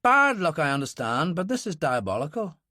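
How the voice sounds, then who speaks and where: A man's voice: on the high side, big pitch swings, normal speed, pushed and bright, no room sound, clean studio sound. A man doing a jaunty cocky trickster. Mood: rueful. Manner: jaunty, mock-rueful.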